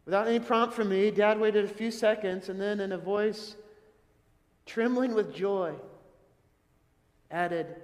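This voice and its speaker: A man's voice: sits high, unhurried, long pauses, long reverb tail. A man preaching a sermon in an earnest, questioning way, often asking his listeners something. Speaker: pastor.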